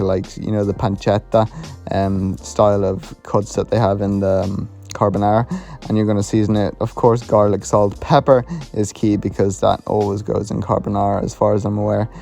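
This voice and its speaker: Young guy doing a chatty cooking voiceover, mellow voice, faint music under it. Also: fairly low pitch. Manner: chatty, joking, informal. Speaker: fitness vlogger. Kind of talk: casual recipe voiceover.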